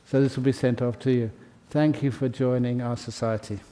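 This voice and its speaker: A man's voice: mid-range voice, fairly even intonation. A man leading a ceremony, reading out names and welcoming each new member in a chatty, good-humoured way. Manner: slow, warm-hearted and chatty, laughing between names. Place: meditation hall.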